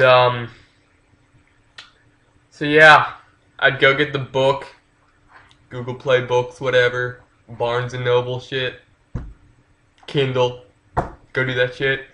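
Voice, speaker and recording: Slangy man with a very bright voice. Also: mid-range voice, reverberant. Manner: loose, slangy and profane, lots of fillers like "like". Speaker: channel host. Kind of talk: casual book review vlog.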